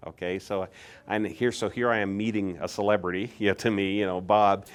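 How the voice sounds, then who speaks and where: Older man with a lowish voice telling stories. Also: fairly quick. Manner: animated, acts out what others said, chuckles. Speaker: insulator collector. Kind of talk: casual storytelling.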